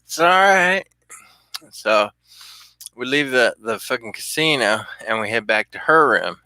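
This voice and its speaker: Man, storyteller, bright dry voice, loose profane anecdote style with chuckles. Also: fairly low pitch, normal speed, no echo. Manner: rambling, profane, chuckling often. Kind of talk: casual anecdote telling.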